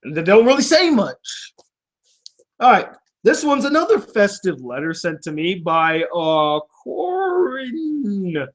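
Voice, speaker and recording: High-voiced sarcastic man reading mail. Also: expressive, measured pace. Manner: sarcastic, laughs often while reading. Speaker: video host reading fan mail. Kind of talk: casual mail-reading vlog.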